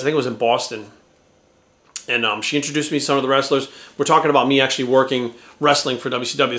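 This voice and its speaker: A middle-aged man telling a long rambling story in casual chat, acting out quoted lines and swearing freely. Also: mid-range voice. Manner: rambling, animated, acts out quoted voices, swears. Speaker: vlogger. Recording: roomy echo.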